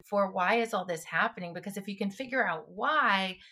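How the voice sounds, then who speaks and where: A woman's voice: mid-range voice, moderate pace, pushed and bright. A woman co-hosting a podcast as a clinician, chatting casually and retelling scenes with emotion. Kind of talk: casual chat.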